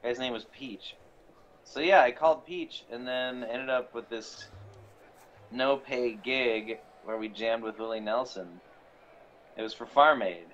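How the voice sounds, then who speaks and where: A man's voice: medium pitch, measured pace, a bit bright. A man chatting casually while playing a game, telling a long rambling story with fillers and little laughs. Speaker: player. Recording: dull lo-fi stream audio with faint ambience.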